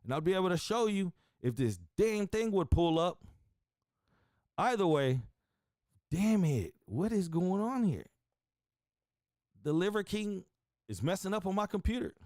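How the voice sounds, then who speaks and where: A man hosting a casual streamed show, talking excitably and crudely straight to his viewers. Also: sits high, measured pace, long pauses, dry recording, clean studio sound. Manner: excitable, profane, addresses viewers directly. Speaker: stream host.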